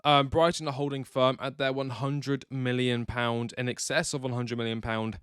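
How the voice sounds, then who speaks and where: A man's voice: mid-range voice, flat delivery, moderate pace, a bit bright, smooth, no room sound, clean studio sound. A young man hosting a football channel, giving blunt, sarcastic opinions in a ranting commentary.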